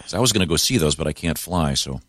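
A man's voice: very deep voice, expressive, fast, fairly bright tone, a little hiss or hum. A man hosting a radio show, joking through casual banter with his co-hosts and chuckling between his lines. He often trails off with fillers.

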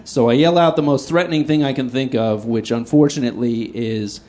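A man performing stand-up, telling a story in a self-deprecating, animated way and swinging between loud outbursts and hushed asides. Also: mid-range voice, brisk. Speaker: stand-up comedian.

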